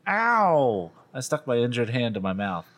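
A man's voice: medium pitch, fast. A man co-hosting a casual podcast over a video call, reading a novel aloud between jokes.

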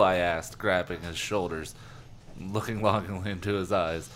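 A man's voice: low-pitched, steady tone, moderate pace, fairly bright tone, slight background noise. A man co-hosting a podcast, reading a book aloud in a jokey, matter-of-fact way. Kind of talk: casual read-aloud.

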